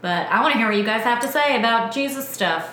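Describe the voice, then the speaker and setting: A woman's voice: on the high side, expressive, fast, pushed and bright. A young woman co-hosting a podcast, playful and curious, asking lots of questions. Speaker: podcast co-host. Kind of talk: casual chat. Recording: roomy echo, faint room noise.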